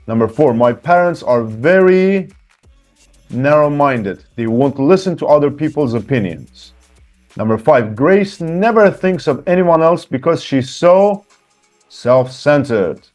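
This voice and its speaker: A man teaching English, reading workbook answers aloud and cheering students on between exercises. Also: a little high. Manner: lively, encouraging, reads example sentences with shifting emphasis.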